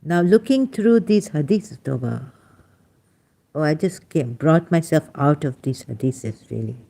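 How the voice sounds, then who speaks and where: Her voice sits low and creaky, and she takes her time. She's a middle-aged woman running a livestream, reading the chat and chatting with viewers in a lively, emphatic way full of fillers.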